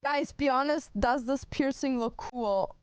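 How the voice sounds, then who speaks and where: A woman's voice: high voice, measured pace, over music. A young adult woman streamer chatting casually and bluntly with her viewers, swearing often and talking straight to chat.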